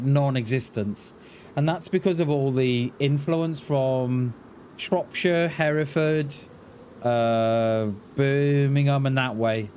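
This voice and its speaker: A man's voice: mid-range voice, a little mellow. A man with a light, washed-out Mid Welsh accent and a mid-range voice talks loosely through a game stream. He drifts between musing on plans and calling out what he sees, and he answers viewers with an easy "mate". A faint hum sits under his voice. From Mid Wales. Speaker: live streamer. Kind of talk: casual gaming commentary.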